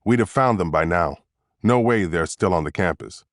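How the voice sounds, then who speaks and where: A man's voice: animated, dry recording, clean studio sound. A man doing a guarded, terse federal agent. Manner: low, clipped and measured. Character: guarded male Secret Service agent, terse.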